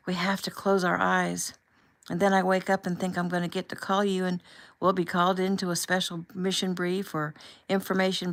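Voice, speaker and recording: A woman voicing a young man on deployment, speaking softly and tenderly, with a low, gravelly tone. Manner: soft, quiet, affectionate.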